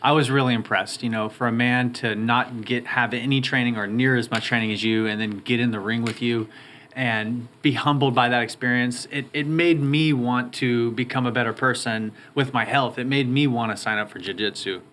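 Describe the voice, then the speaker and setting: A man's voice: medium pitch, fairly even intonation, normal speed, fairly bright tone, slight background noise. A man in his thirties, a guest in an interview, telling his story in an upbeat, eager way. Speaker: guest, roofing company owner. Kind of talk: interview conversation.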